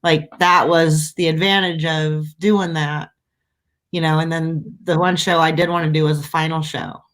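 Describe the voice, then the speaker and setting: A woman hosting a casual chat, an animated storyteller who laughs often. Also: low voice, normal speed. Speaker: host. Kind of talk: casual conversation.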